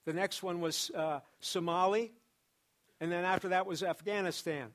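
A man's voice: high voice, fairly even intonation, moderate pace. A pastor preaching a sermon to his church, building emphasis through repeated phrases. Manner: preaching with repetition and rising emphasis.

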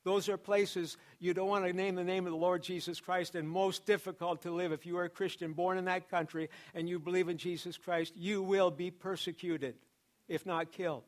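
A man's voice: sits high, level tone, moderate pace. A pastor preaching a sermon to his church, building emphasis through repeated phrases. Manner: preaching with repetition and rising emphasis.

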